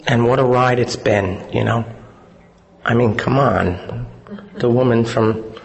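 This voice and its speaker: A hoarse man, his voice worn out, giving an earnest recovery testimony at a convention, often trailing off quietly. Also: mid-range voice, takes it slowly. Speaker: convention speaker. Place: large convention hall. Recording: reverberant hall, faint hum.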